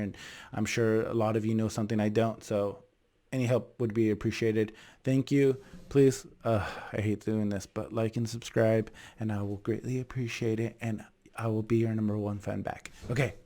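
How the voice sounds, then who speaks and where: A man's voice: fairly low pitch, dark tone. Young man rambling through a ghost story. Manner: rambling, restarts and voices parents' quotes. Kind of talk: casual first-person ghost story.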